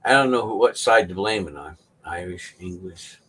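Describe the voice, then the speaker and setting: A man's voice: deep voice, moderate pace, a bit bright, a little hiss or hum. A middle-aged man hosting his own channel, telling a story in a folksy, casual way and laughing often. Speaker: channel host.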